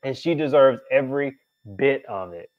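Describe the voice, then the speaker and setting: A man's voice: medium pitch, lively intonation, moderate pace. A man hosting a show recap, ranting with sassy exasperation in casual commentary. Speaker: podcast host reviewing a reality show. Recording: tinny phone-like audio.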